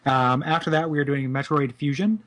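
A man's voice: fairly high pitch, fairly quick, a bit bright. A man co-hosting a casual podcast, enthusiastic and stumbling over repeated words. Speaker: podcast co-host.

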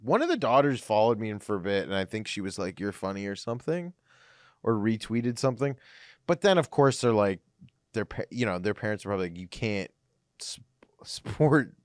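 Laughing man, lowish dry voice. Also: expressive, quick pace, dry recording. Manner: joking, laughs often, trailing restarts. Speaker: comedian guest. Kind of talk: casual podcast chat.

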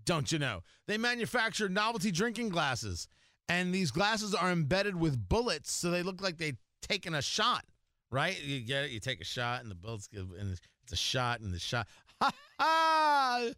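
A man's voice: fairly high pitch, animated, normal speed, bright, forceful tone, no room sound, clean studio sound. A man hosting a morning radio show in a casual, jokey way, rambling with lots of fillers and restarts. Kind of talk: casual talk radio chat.

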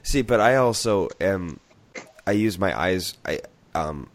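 A man's voice: sits low, slow. A man co-hosting a podcast, chatting casually and stammering his way into anecdotes. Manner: relaxed storytelling, stammers into anecdotes. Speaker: podcast co-host. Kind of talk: casual chat.

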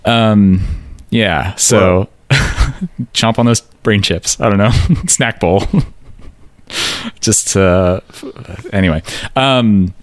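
A man's voice: fairly low pitch, very slow, long pauses, no room sound. A man co-hosting a podcast, chatting casually about song lyrics in a dry, joking way with fillers and laughs. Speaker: podcast co-host.

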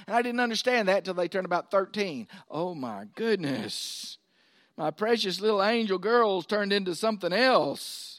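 A middle-aged pastor preaches in a folksy, conversational style, turning to his congregation with asides. His voice sits high for a man, and the sound is close and dry. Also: moderate pace, fairly bright tone, no echo. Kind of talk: sermon.

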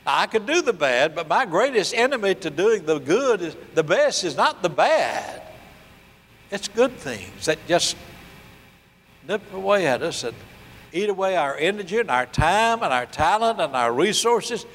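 An older man preaching a sermon, telling a story and acting out the voices, slowing down to stress key points. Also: sits high, sing-song, fairly bright tone, big-room sound. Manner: storytelling preacher, acts out dialogue, slows for emphasis. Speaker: pastor.

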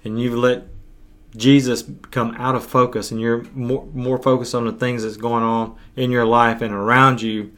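A man preaching a podcast sermon as pastor, earnest and urging, with his voice going hoarse. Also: medium pitch, level tone, fairly bright tone. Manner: earnest, urging, slow deliberate pauses. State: losing his voice.

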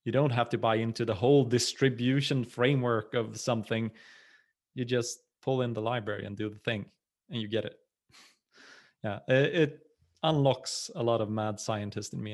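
A man talking on a tech podcast with enthusiasm, often laughing and pausing with "uh" as he thinks. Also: mid-range voice, fairly even intonation. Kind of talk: casual podcast chat.

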